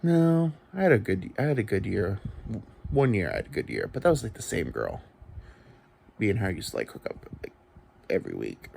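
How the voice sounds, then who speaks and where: A man's voice: fairly low pitch, creaky, mellow, a little hiss or hum. A man in his thirties rambling through a crude, self-deprecating solo comedy monologue. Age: 30s.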